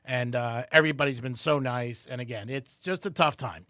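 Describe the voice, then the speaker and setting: A man's voice: mid-range voice, brisk, dry recording, clean studio sound. A man co-hosting a radio show, telling family stories casually and acting out the people he quotes in a raised voice. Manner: animated storyteller, acts out quotes in a raised voice.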